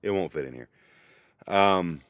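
Sitting in a parked minivan, this vanlife vlogger rambles to his laptop microphone in a casual solo chat, poking fun at himself with goofy asides. His low voice is clear and resonant, a little slow, and the sound is clean and studio-like with no room sound.

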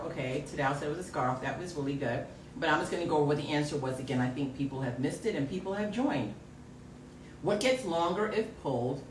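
A fairly low-pitched woman hosts a casual live show and talks with lively energy. She gets loud at times and laughs easily. Her voice sounds roomy and a bit far from the mic, with faint noise behind her. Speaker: podcast host. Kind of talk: casual live-stream chat.

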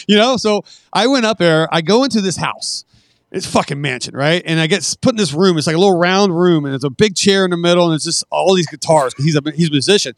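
A middle-aged man tells stories as a podcast guest in a fairly high voice. He swears freely and acts out the dialogue with lively energy. The sound is dry and close. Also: fast, no room sound. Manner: profane, animated anecdote-telling that acts out quoted dialogue. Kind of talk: casual storytelling.

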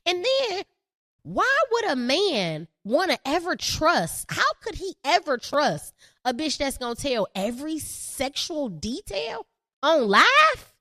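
Brash high-voiced woman podcast co-host. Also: takes it slowly, dry recording, studio quality. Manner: brash, animated and profane, laughs often. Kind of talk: casual chat.

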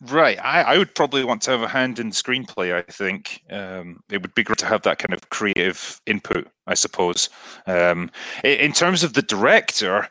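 Hesitant male author, bright dry voice. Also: fairly low pitch, lively intonation, moderate pace, no room sound, low-quality recording. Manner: hesitant, many fillers and restarts. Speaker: author guest. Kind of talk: casual interview chat.

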